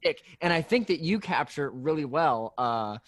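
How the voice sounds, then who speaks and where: A man co-hosting a casual podcast chat, relaxed and agreeable, often pausing on "uh" and "um". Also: on the high side. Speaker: podcast co-host.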